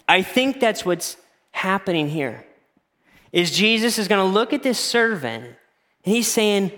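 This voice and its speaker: Pastor, thirties, male, animated sermon delivery, slightly high voice, long hall reverb. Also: moderate pace. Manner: animated, acts out voices in anecdotes.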